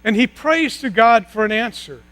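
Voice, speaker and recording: A man with a high voice preaches a sermon. He tells the story with slow, dramatic pauses and drops to a near hush at key moments. A steady mains hum sits under his voice. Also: poor audio. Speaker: pastor.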